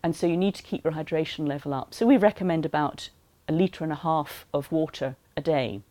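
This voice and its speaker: A woman calmly explaining voice care to teachers in an educational talk. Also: low-pitched, fairly quick, no echo. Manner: calm, explanatory, practical advice. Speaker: voice health advisor for teachers.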